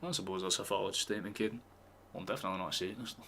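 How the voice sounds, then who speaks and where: A man's voice: low voice, fairly even intonation, racing, sharp tone, slight background noise. A man streaming a live football watchalong, chatting casually and swearing freely as he reacts to the match.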